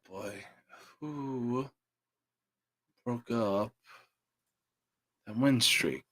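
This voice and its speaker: A young man hosting a sports podcast, giving profane, opinionated game picks that burst into shouting rants. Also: mid-range voice.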